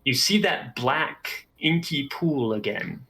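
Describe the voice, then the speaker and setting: A man serves as game master and narrates a tabletop game in an easygoing way. His voice is bright, and he stops now and then with fillers. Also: medium pitch, expressive, slow, poor audio.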